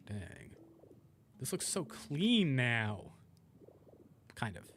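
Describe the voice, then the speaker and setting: A man's voice: mid-range voice, sing-song, drawn-out words, a bit bright, a little hiss or hum. A young man streaming a game, rambling casually and chatting with his viewers as he plays. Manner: rambling, chats with viewers while playing.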